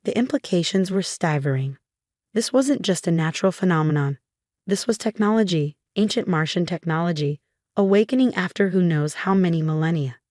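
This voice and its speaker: A woman narrating a first-person story in a steady, even way. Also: lowish voice, brisk, no echo, clean studio sound.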